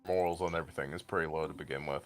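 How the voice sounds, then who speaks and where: A man's voice: extremely low pitch, fairly even intonation, racing. A man streaming and chatting casually, blunt and crude, rambling through long explanations. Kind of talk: casual chat.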